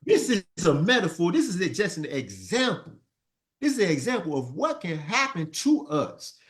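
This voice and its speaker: A man with a higher-sitting voice teaches a Sunday school lesson at a moderate pace. His preaching is animated, and he repeats lines for the class to respond to.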